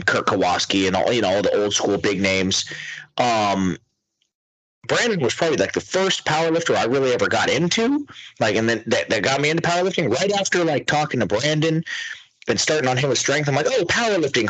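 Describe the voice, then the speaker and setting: A young man co-hosting a casual podcast, excitable and swearing constantly as he chats about lifters. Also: medium pitch, no echo, low-quality recording. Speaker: podcast co-host. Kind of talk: casual profane chat.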